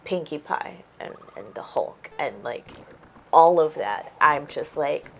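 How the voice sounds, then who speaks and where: A woman's voice: deep voice, lively intonation, slow, gravelly, slight background noise. A woman chatting casually on a livestream, chiming in agreeably and adding her own view.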